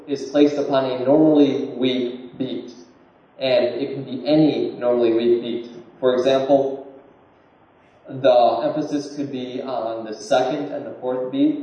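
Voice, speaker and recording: A man giving an informal talk, halting and repeating words as he explains. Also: medium pitch, mellow. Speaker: lecturer. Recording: distant, muffled room recording with heavy echo.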